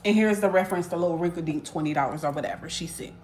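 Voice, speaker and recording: A woman's voice: on the low side, racing, a little mellow, a little hiss or hum. A woman telling a casual storytime to her viewers, blunt and profane, talking straight to them as y'all. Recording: echoey room.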